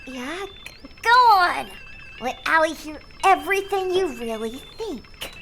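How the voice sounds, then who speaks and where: A woman voicing a bratty, mocking little teenage girl, snappy and taunting in a very high, bright voice. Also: animated, slow, faint music behind, heavily acted.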